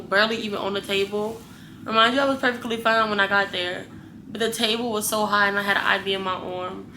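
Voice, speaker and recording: A woman's voice: mid-range voice, a little hiss or hum. A young woman vlogger casually telling her viewers a story, blunt and full of swearing. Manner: profane, blunt, animated retelling.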